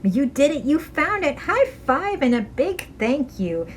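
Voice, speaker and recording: A librarian reading a rhyming picture book aloud to young children, with an animated, expressive manner. Her voice is high and swoops freely, over a faint hum of noise. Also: unhurried, rough recording.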